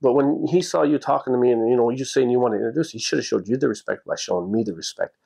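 A man casually telling a personal story on his podcast, plainspoken and animated, acting out the people he talks about. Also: medium pitch, quick pace, vocal fry, husky. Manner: plainspoken, with frequent restarts and "you know".

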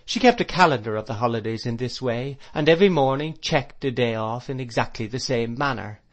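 An adult man narrating a classic novel as an audiobook, measured and expressive. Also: mid-range voice.

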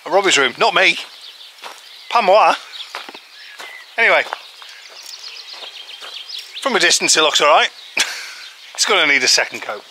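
A man's voice: fairly high pitch, very animated, normal speed, long pauses, sharp tone. Chatty man vlogging outdoors, birds behind. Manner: chatty, rambling, self-deprecating humor. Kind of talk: casual vlog chat. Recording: rural outdoor noise with birds.

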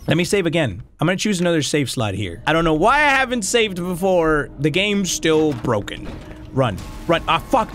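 A man doing excitable let's play commentary, swearing and shouting at the game as he plays. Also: a little high, normal speed, music in the background. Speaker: gaming YouTuber.

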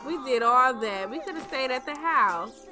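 A woman's voice: sits high, animated, moderate pace, over music. Chatty young woman. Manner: chatty, talks to viewers as "y'all". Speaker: gameplay commentator. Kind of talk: casual game commentary.

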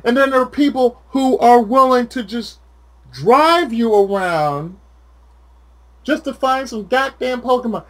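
A man's voice: very high voice, measured pace. A man chatting casually with a friend, ranting with lots of swearing. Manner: profane, ranting, animated. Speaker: channel host.

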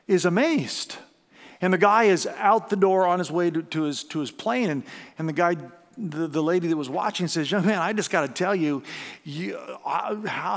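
Guy preaching in a big church, high voice, long echo, lively and chatty with the crowd. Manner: lively storytelling with audience questions. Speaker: pastor. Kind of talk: sermon. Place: church auditorium.

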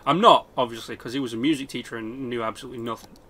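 A man's voice: mid-range voice, rapid-fire, pushed and bright, a little hiss or hum. A man rambling and swearing through casual game commentary, joking about himself as he plays. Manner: rambling, swears a lot, self-mocking. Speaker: gaming channel host. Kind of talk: rambling let's-play commentary.

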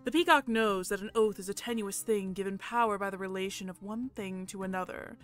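A woman hosting a let's play, reading a visual novel's narration aloud in a soft, measured voice. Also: mid-range voice, faint music behind.

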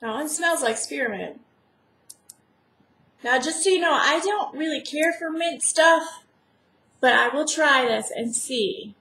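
Gushing woman vlogger, high unhurried voice. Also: animated, sharp tone, reverberant, poor audio. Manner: chatty, gushing, rambling. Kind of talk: casual unboxing chat.

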